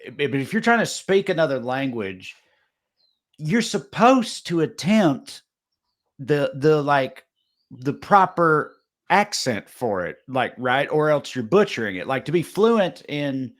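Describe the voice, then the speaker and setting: A man's voice: a little high, very animated, unhurried. A man with a Southern US accent hosting a podcast, talking in a loose, rambling way with many restarts. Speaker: podcast host. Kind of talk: casual comedic chat.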